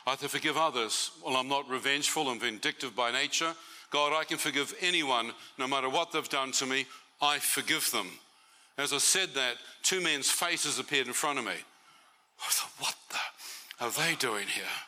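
A man's voice: medium pitch, normal speed, sharp tone, a little hiss or hum. A man giving a testimony sermon to a church meeting, conversational and often asking the audience questions.

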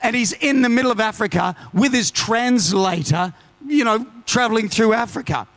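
A man preaching a sermon, telling stories with lively asides and urgent declarations. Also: very high-pitched, moderate pace.

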